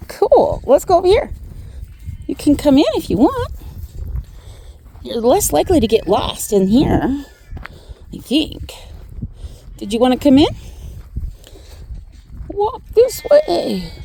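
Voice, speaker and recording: A woman's voice: sits high, dark tone, slight background noise. Woman cooing to her barnyard animals. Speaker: hobby farmer vlogger. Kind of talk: casual farm vlog talk. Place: outdoor barnyard.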